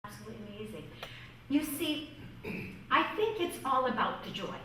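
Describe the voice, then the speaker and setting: A woman from northwest Ohio, a music teacher giving a lively storytelling workshop talk to fellow teachers. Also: high-pitched, a little slow, a little hiss or hum. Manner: lively, storytelling, quotes voices. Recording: echoey room from far off.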